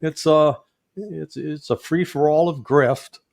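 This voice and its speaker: A man with a Midwestern accent, a guest commentator talking politics in a folksy, animated way with joking asides. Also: a little high, takes it slowly, creaky, no echo, studio quality. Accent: Midwestern American.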